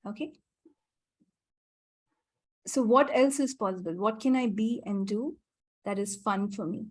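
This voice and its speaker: A woman facilitating a group healing call over a video connection, reeling off repeated clearing phrases quickly and letting them trail off softly. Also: on the high side.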